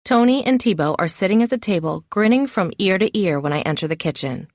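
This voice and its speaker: A woman's voice: mid-range voice, animated, fast talker, a little mellow, dry recording, studio quality. A woman narrating a first-person novel in a wry, self-mocking inner voice. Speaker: audiobook narrator.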